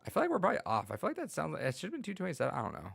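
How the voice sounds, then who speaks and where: A man's voice: a little high, wildly swooping pitch, very fast, gravelly, a bit bright, breathy edge, no echo. A man hosting a casual podcast, telling rambling classroom stories as a teacher, laughing often and using many fillers. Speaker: podcast host and school teacher.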